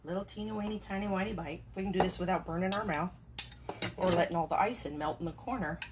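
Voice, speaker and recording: A woman's voice: on the low side, quick pace, very noisy. A middle-aged woman chatting at home to the camera and her cats in sing-song baby talk. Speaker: home cooking vlogger. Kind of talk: casual chat to camera and pets. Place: home, indoors.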